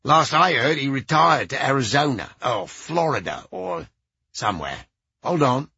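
A man's voice: mid-range voice, animated, unhurried, creaky, sharp tone, breathy edge, dry recording, full character voice. A man voicing a crude, cranky old ex-rocker who talks in a blunt, profane way, on a slightly dull recording. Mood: gruff. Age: older.

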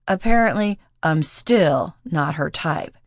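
Woman voicing a teasing young man, wry, low-pitched, dry close sound, audiobook. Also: expressive, slow, no echo, full character voice. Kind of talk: audiobook character voice.

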